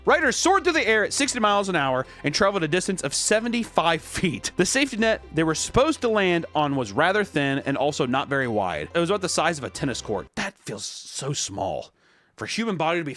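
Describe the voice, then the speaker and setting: Brief: young male host, casual and profane, voice leaps all over, faint music behind. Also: a little high. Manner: casual, swearing, animated. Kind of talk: comedic commentary.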